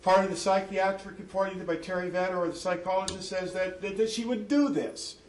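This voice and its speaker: A man's voice: high voice, steady tone, brisk. A man, a father and church deacon, giving an impassioned testimony in an indignant, emphatic way, often restarting his sentences. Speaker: father testifying in a custody dispute. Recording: echoey room with faint background noise.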